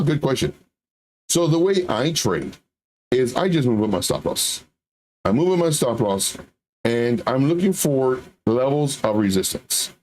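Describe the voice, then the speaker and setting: A middle-aged man hosting a trading show, talking casually and repeating himself, with lively acted-out quotes. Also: mid-range voice. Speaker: trading channel host. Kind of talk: casual live market talk.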